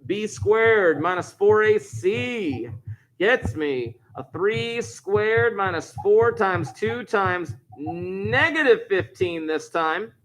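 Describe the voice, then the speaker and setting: A middle-aged male math teacher recording a lesson, talking students through each step in a playful, animated way. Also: high voice, slight background noise.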